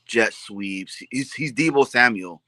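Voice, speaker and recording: A man's voice: mid-range voice, slow, pushed and bright, dry recording. A man co-hosting a casual sports chat, hyped and rambling, calling people bro and dude.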